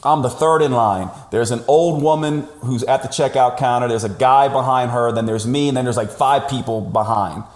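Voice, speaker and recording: A man speaking as a podcast guest over a call, telling a story in an animated, emphatic way. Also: mid-range voice, normal speed, few pauses. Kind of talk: conversational storytelling. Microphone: remote call audio. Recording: roomy, echoey sound.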